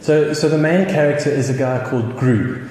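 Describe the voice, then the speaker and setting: South african pastor preaching, mellow voice, loads of echo in a big hall, faint hiss. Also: male voice, a little high, fairly quick. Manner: storytelling with chuckles and restarts. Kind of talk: sermon. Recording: echoey hall with faint noise.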